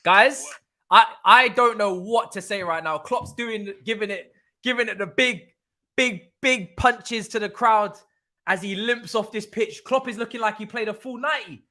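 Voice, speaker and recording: A young man hosting a live football watch-along, talking excitably, repeating himself and swearing freely. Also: sits high, normal speed. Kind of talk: live stream reaction commentary.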